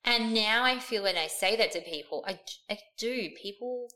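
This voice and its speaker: Woman co-host, mid pitch, frank and rambling, casual swearing, chatty. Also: moderate pace, sharp tone, rough recording. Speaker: podcast co-host. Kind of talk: casual chat.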